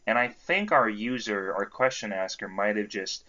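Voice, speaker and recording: A man's voice: lowish voice, normal speed, sharp tone. A young man co-hosting a casual comedy podcast, trading dry, teasing banter. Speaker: podcast co-host. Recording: slightly dull lo-fi sound.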